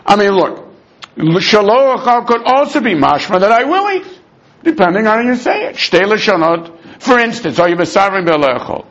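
A man teaching a Talmud lesson in an argumentative, animated way, dropping in Aramaic terms and restarting his sentences. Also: sits high, moderate pace. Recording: dull lo-fi recording.

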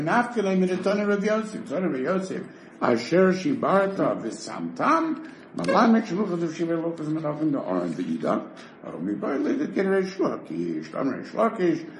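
Man lecturing on Talmud, lively and gravelly. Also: a little high. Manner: rapid reading of Hebrew and Aramaic text, explaining in English. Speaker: Talmud teacher. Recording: echoey room with faint noise.

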